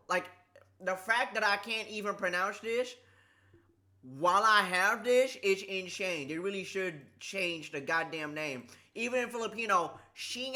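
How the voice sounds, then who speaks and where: A man streaming casually, talking haltingly with a slight lisp from a sore tongue, repeating words and struggling with S sounds. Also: sits high, bright, forceful tone. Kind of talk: casual livestream chat.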